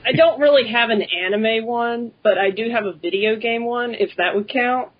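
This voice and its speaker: A woman's voice: a little high, moderate pace. A woman co-hosting a podcast, talking casually with many fillers. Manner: chatty, lots of fillers. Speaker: podcast co-host. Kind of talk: casual chat. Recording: lo-fi dull audio.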